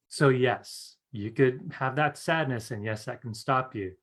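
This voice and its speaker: A man's voice: mid-range voice, a little slow, few pauses, fairly bright tone. A man teaching a live-streamed class on psychic skills, chatty and earnest, often asking "right?" and laughing. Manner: chatty, fills with "you guys" and "right?".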